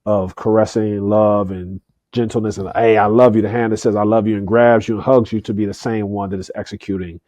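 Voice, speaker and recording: A middle-aged man talks earnestly as a podcast guest, often repeating a word before his thought comes out. His voice is low-pitched and warm. It is recorded dry and close. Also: steady tone, fairly quick, dry recording, highs cut off. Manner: earnest, repeats words when starting a thought. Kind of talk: candid conversational interview.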